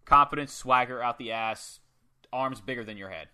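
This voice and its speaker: A man excitedly recapping a wrestling match in casual, profane chat. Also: medium pitch, moderate pace, smooth. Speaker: podcast co-host.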